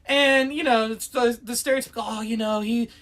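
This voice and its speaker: Woman podcast co-host, lively storyteller, bright and high. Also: a little fast. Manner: animated, laughing storyteller, quotes people in put-on voices. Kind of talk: casual chat.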